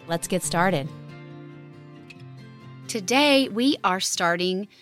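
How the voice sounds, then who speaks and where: A woman hosting a family devotional podcast, guiding listeners gently and reading scripture slowly and soothingly. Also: medium pitch, expressive, faint music behind. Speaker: podcast host.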